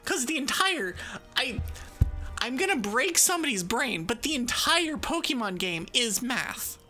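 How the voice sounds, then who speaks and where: A woman's voice: a little high, sing-song, measured pace, pushed and bright, soft background music. A woman streaming live and chatting casually with her viewers. She is bubbly and jokey, with a sarcastic edge, and laughs often. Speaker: VTuber streamer.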